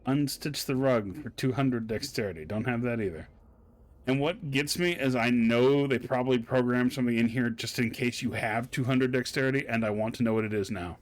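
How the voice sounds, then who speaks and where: A man's voice: medium pitch, brisk. A man casually playing a video game on stream, reading the game text aloud with playful asides. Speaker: let's play host. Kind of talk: casual gameplay commentary.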